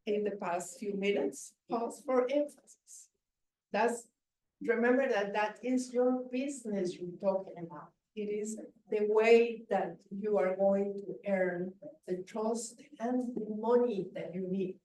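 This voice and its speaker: Slow, emphatic woman coaching a room. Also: fairly high pitch, darkish tone, a little hiss or hum. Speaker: public speaking coach. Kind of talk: live seminar talk. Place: hotel event room. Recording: echoey room from far off.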